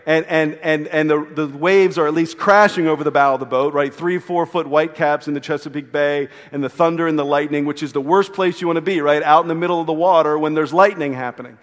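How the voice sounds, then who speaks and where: A male pastor giving a sermon, telling a story with animated delivery and frequent rhetorical questions. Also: a little high, a little fast, few pauses. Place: church sanctuary. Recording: long hall reverb.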